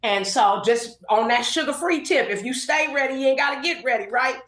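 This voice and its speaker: A woman in her fifties from Inglewood, California, telling an animated story as a guest on a casual podcast interview and acting out the voices she quotes. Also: high voice, brisk. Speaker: guest hairstylist. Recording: roomy echoey room.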